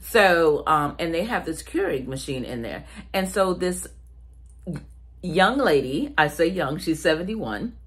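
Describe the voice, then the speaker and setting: A woman vlogger from South Carolina talks casually to her viewers in a Southern US accent, calling them "y'all." Her voice is deep, her intonation lively, and she never hurries.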